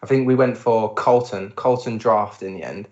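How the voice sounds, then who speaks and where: A man's voice: lowish voice, normal speed, roomy sound, dull audio. Man chatting on a podcast. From England. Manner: laughing, animated storytelling. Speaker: podcast co-host. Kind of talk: casual travel chat.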